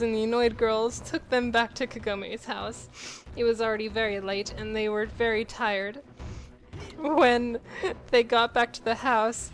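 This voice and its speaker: A woman's voice: a little high, rough recording. Woman, gaming co-host, giggly read-aloud, home mic, light game music. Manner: giggly, keeps breaking into laughter. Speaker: co-host of gameplay channel. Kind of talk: reading fan fiction aloud over gameplay.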